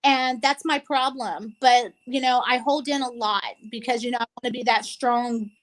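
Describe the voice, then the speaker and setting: A woman's voice: fairly high pitch, fairly even intonation, normal speed, fairly bright tone, low-quality recording. A woman co-hosting a casual talk show, speaking earnestly and tearfully with many restarts. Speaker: co-host. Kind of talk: emotional casual chat.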